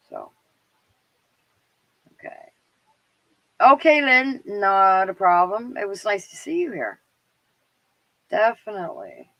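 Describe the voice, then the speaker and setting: A woman's voice: medium pitch, very animated, slow pace, long pauses, no echo, dull audio. A middle-aged Canadian woman with a Canadian accent hosting a live stream, chatting casually and rambling with lots of fillers and laughs. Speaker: livestream show host.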